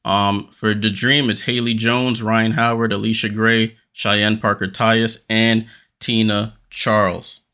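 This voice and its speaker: A man hosting a watchalong stream, giving casual play-by-play commentary, a little out of breath and getting more energetic on big plays. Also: on the low side, takes it slowly, clean tone. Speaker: watchalong host.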